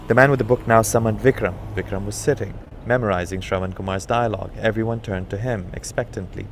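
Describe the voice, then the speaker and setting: Low-voiced man reading a story. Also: steady tone, fast talker, hardly any pauses, slight background noise. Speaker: narrator.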